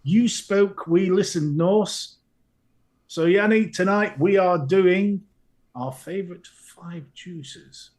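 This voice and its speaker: A man's voice: high-pitched, takes it slowly, darkish tone. A middle-aged man co-hosting a live stream, greeting viewers in a playful, teasing way with lots of giggling. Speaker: livestream co-host.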